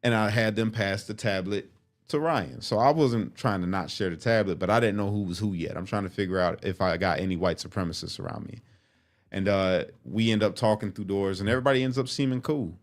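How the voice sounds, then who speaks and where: A man's voice: on the low side, a little fast. A man telling a story from his life in casual, profane talk, acting out what people said. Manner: profane, animated, acts out quotes.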